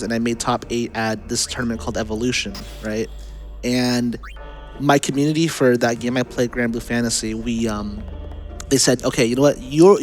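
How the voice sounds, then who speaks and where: Laid-back, giggly male speedrunner. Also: mid-range voice. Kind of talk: casual live commentary.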